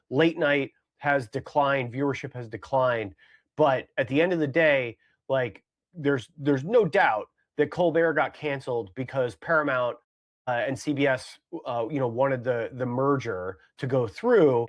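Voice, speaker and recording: A man co-hosting a podcast in easy chat, his voice sitting at an ordinary middle pitch. He rambles, hedges and repeats himself, circling back to his point with plenty of fillers. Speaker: podcast co-host. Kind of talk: casual comedic chat.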